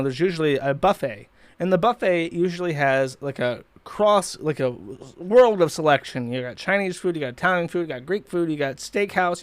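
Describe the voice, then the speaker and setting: A man's voice: on the high side, no echo. A man hosting a livestream, ranting in a profane, mocking, rambling way. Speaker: streamer host. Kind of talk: livestream commentary rant.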